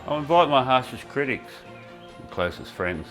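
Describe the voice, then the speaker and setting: A man's voice: mid-range voice, wildly swooping pitch, normal speed, music in the background. An Australian man doing a crude, wry stand-up comedy set in a small backyard shed. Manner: crude, wry punchline delivery.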